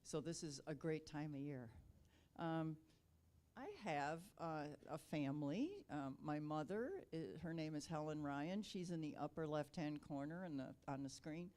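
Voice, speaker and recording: A woman's voice: low voice, unhurried, a little mellow. Chatty woman from Wisconsin. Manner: chatty, self-deprecating, many fillers. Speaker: Rotary district governor. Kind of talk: casual club speech.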